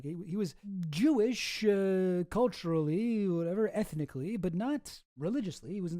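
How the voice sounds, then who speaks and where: A man's voice: high voice, mellow, dry recording, studio quality. A man hosting a casual livestream, reacting to clips in a sarcastic, incredulous, rambling way. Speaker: streamer host.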